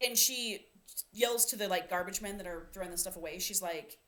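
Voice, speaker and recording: Bright-voiced woman retelling a plot. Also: fairly low pitch, a little fast. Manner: animated storyteller, acts out quotes, swears casually. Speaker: podcast co-host. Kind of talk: casual chat retelling a novel's plot.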